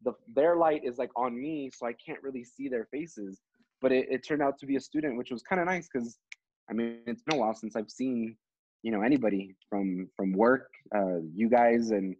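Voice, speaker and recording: A man's voice: medium pitch, a little mellow, breathy edge, no room sound, muffled recording. A man who is a teacher and co-hosts a podcast, telling a story in casual chat with many fillers and restarts.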